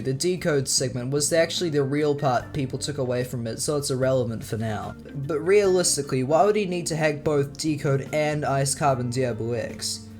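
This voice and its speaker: A young man narrating scripted commentary in a sarcastic, profane way. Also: fairly high pitch. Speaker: video commentator.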